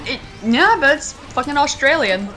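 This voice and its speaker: Young woman, from Maine, bright voice, chatty, swears a lot, faint game music. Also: sits high, animated, moderate pace. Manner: chatty, laughing, swears freely. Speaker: streamer. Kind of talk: casual chat while gaming.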